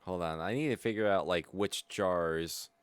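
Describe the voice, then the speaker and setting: A man's voice: low-pitched, normal speed, clear, resonant tone, dry recording. A man streaming a video game live, commenting playfully, swearing now and then and greeting chat.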